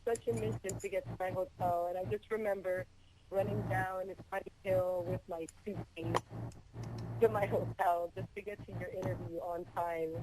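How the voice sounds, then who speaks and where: A woman from Miami, a pop singer, calling in to a radio show, hoarse from being sick and chatting brightly. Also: on the low side, level tone, normal speed, background noise. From Miami, Florida. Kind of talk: phone-in interview.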